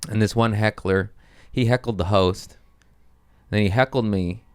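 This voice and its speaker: Male comedian host, deep resonant voice, crude casual storytelling. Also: measured pace, smooth, no room sound, clean studio sound. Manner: animated storytelling with crude language. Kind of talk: casual monologue.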